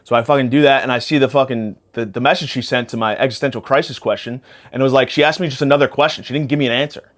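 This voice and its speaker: Fast-talking, profane young man rambling. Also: mid-range voice, steady tone. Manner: profane, rambling, jumps between topics. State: spacey after a panic attack. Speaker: podcast host. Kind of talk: rambling comedic monologue.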